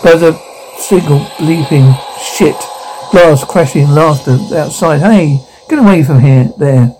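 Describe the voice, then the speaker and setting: An actor playing a frantic young husband during a home birth, talking in an urgent, strained way. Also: male voice, on the high side, measured pace, darkish tone, a little hiss or hum, natural voice, rough recording. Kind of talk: screen drama acting.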